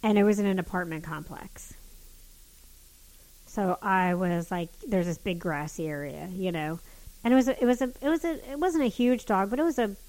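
A woman telling a story in casual chat, animated and swearing, with many restarts. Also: mid-range voice, moderate pace, poor audio.

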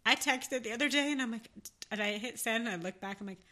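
Woman, New Jersey and Southern accent mix, bright voice, casual podcast chat, animated storyteller, laughs a lot. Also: a little high, quick pace. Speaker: podcast co-host.

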